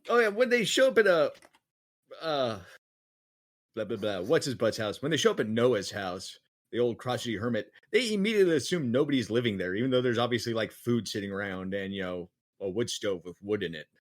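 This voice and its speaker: A man's voice: fairly low pitch, expressive, a little fast. A man co-hosting a podcast in casual chat, joking and acting out silly voices. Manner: jokey, acts out silly voices for movie characters. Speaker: podcast co-host.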